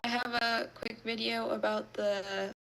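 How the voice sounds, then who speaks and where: Woman teacher talking thru a class, kinda relaxed, um's here and there, faint hiss behind. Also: a little high, measured pace, vocal fry, poor audio. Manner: relaxed, explanatory with fillers.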